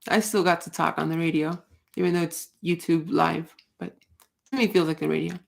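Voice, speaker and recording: Low-pitched and creaky, this woman's voice is brisk with fairly even intonation. She hosts a casual livestream where she rants bluntly, swears frequently, and rambles through restarts.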